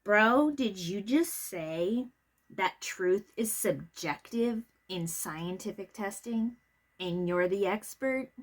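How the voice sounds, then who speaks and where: A woman's voice: mid-range voice, animated, slow pace. A woman giving casual commentary on a trial, blunt and opinionated, talking in a loose, chatty way with plenty of fillers.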